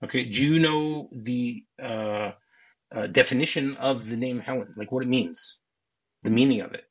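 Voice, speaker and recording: A man's voice: medium pitch, normal speed, husky. A man hosting a casual film podcast, eagerly retelling scenes and often restarting his sentences. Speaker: podcast host. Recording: dull lo-fi podcast audio.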